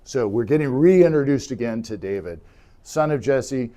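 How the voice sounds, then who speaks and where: A man's voice: medium pitch, moderate pace. A man teaching an adult church class, retelling stories casually and acting out the characters' lines. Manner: animated storytelling, acting out characters' lines with fillers.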